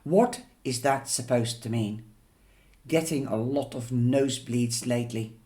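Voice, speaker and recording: A man's voice: medium pitch, unhurried, dark tone, lightly acted. Snappish teen girl, read by a man. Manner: snappish, sarcastic retorts. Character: sharp, defensive teenage girl. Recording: roomy echo.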